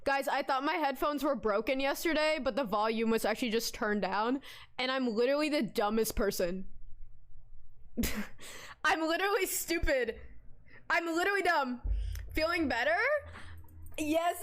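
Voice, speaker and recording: A woman's voice: high voice, moderate pace, pauses often. A young woman streamer chatting casually on a live stream, swearing freely and telling stories dramatically. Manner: animated, swearing, dramatic storyteller.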